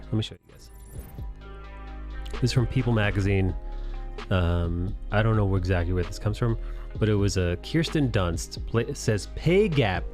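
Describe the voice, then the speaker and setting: A man's voice: fairly low pitch, a little mellow. A man hosting a live drawing stream, chatting casually and ranting with a lot of swearing and disbelief. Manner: profane, ranting, incredulous.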